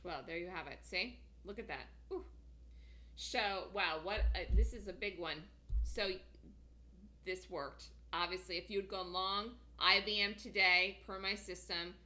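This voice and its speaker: A woman teaching day trading on a screen share, excited and emphatic, often repeating herself. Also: a little high. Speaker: trading instructor.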